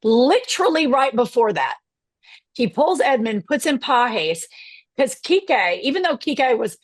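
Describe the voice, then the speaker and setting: A middle-aged woman comedian telling an animated story as a podcast guest, acting out the people she quotes. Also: high voice, unhurried. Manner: animated, acts out quotes in voices. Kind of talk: casual storytelling chat.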